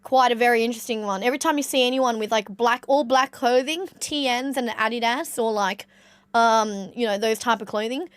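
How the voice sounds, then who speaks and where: A woman's voice: fairly high pitch, fairly even intonation, brisk, a bit bright, clean tone, no room sound. A young Australian woman with an Australian accent, chatting casually with her live-stream audience, laughing often. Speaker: livestreamer.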